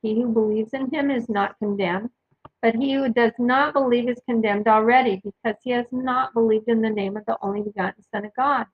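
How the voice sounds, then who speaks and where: A woman with a somewhat high voice reads Bible passages aloud for her podcast. She stops now and then to explain who is speaking or to cite chapter and verse. The recording sounds dull and lo-fi. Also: steady tone, brisk, slightly rough. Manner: reads verses aloud, adds asides and references. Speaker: podcast host reading scripture. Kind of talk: casual Bible reading with commentary.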